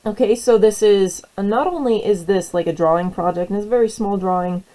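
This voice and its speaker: A woman's voice: medium pitch, brisk, dark tone, poor audio. A young woman teacher with the hiccups, giving a casual classroom tutorial in a friendly, rambling way. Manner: friendly, rambling with fillers and restarts. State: has the hiccups.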